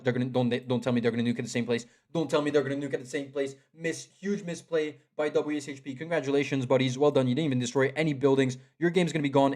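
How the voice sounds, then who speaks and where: A young man streaming live commentary on a competitive game. His voice sits slightly high for a man. He is excitable, often repeats himself, and shouts advice at the players directly. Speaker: esports caster.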